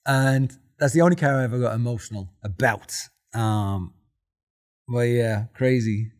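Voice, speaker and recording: A man's voice: mid-range voice, unhurried. A man in his forties with a Dublin Irish accent sits as a guest in a casual interview. His voice is in the middle range for a man, and he tells his stories with feeling. He slips into his own quoted lines as he talks. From Ireland. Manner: emotional, animated storyteller who acts out his own quotes. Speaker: podcast guest.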